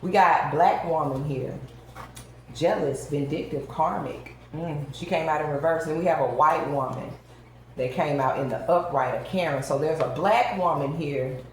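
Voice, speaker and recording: A woman with a lowish voice reads tarot cards for her viewers. She is emphatic and talks straight to her audience. Her voice rings around a very echoey room with a faint hiss underneath. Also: moderate pace. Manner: emphatic, addresses viewers directly. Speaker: tarot reader.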